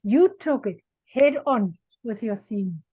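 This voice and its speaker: A woman giving an evaluation at an online club meeting, speaking in measured short phrases over a video call. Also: a little high, expressive, slightly rough, no echo. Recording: dry, dull video call audio.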